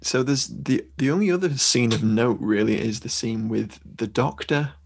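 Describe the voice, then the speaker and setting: A man's voice: mid-range voice, expressive, moderate pace, creaky, slight background noise. A man co-hosting a podcast, recapping a war horror film in a wry, rambling way with dry jokes. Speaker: podcast co-host. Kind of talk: casual film discussion.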